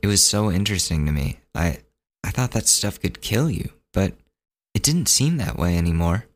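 Deep-voiced man telling a story casually. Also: lively intonation, moderate pace. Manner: laid-back, joking, chatty. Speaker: podcast host.

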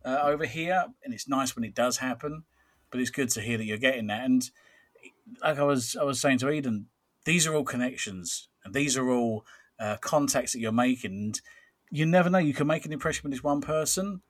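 A man's voice: medium pitch, fairly quick. Enthusiastic man hosting a chat. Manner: enthusiastic, encouraging, chuckling. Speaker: podcast host, wrestling trainer. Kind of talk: casual podcast conversation.

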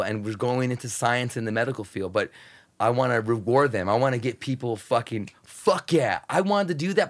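A man in casual podcast talk, excitable and profane, rambling with many restarts. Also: medium pitch. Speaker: radio host guest.

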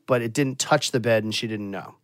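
A man's voice: medium pitch, a little fast, no echo, clean studio sound. A man telling a crude story in casual podcast chat, swearing a lot and laughing as he goes.

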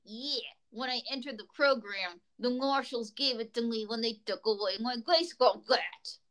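A woman's voice: a little high, moderate pace, a bit bright, close to an everyday voice. A woman voicing a male mobster magician puppet in witness protection, with a New York accent and menacing tough-guy wisecracks. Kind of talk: comedy bit.

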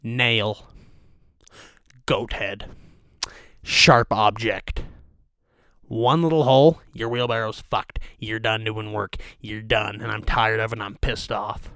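Profane deadpan man ranting. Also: on the low side, slow, pauses often, no echo, clean studio sound. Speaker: host of a rant show. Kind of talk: comedic rant.

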